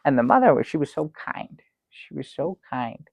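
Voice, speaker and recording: A man plays an excitable, fussy guest with a mid-pitched, gravelly voice who rambles and stalls, then bursts into theatrical exclamations. The recording sounds slightly dull and lo-fi and dry, with no room echo. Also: moderate pace. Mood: rambling. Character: fussy excitable man telling a travel story. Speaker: talk show guest. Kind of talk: improvised comic storytelling.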